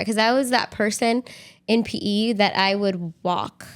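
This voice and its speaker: A woman's voice: mid-range voice, measured pace. A young woman co-hosting a podcast, chatting casually with her partner in a rambling way full of "like". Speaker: podcast co-host.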